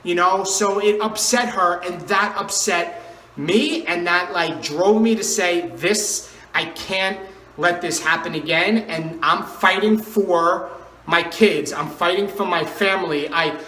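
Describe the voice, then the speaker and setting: A man in his thirties talks to camera as a fitness coach, earnest and emphatic, driving his questions home again and again. His voice sits high and bright with a forceful edge. The room around him rings with echo. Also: takes it slowly. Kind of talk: motivational vlog talk.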